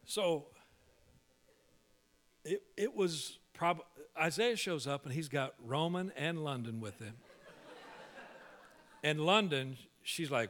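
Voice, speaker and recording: A male pastor telling a humorous story in a sermon, animated and full of quick restarts. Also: on the high side.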